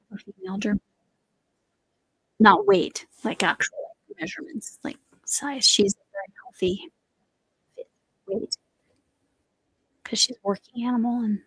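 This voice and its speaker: Middle-aged woman, crochet stream host, gravelly and dry, chatty, voice a bit worn. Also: mid-range voice, animated, measured pace, long pauses, a bit bright, no echo, low-quality recording. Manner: rambling, chatty, trails off and restarts. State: voice slightly going. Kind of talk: casual chat while crocheting.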